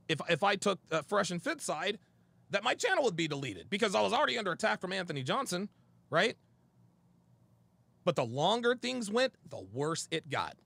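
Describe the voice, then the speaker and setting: A man's voice: sits high, creaky, dry recording. A man hosting a show, telling a long story in a heated, profane monologue and acting out both sides of a conversation. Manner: animated storytelling, quoting a friend and himself; profane and emphatic. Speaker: show host. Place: studio.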